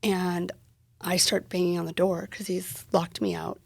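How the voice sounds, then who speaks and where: Woman guest on a podcast, gravelly husky voice, telling her story candid and raw, dry close mic. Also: lowish voice, level tone, unhurried, a little mellow, no echo. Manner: candid, emotional retelling with quoted dialogue. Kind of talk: personal storytelling in an interview.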